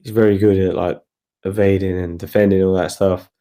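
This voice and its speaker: A young man, a guest fighter, chatting casually in a rambling, relaxed way on a video call. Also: deep voice, a little fast. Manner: relaxed, rambling, laughs while telling stories. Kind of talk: casual interview chat.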